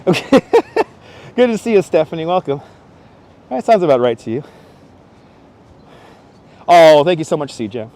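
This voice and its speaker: A man's voice: a little high, sing-song, moderate pace, pauses often, mellow. A man chatting casually with viewers while live-streaming as he walks city streets, greeting them by name and joking. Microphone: wireless clip-on mic.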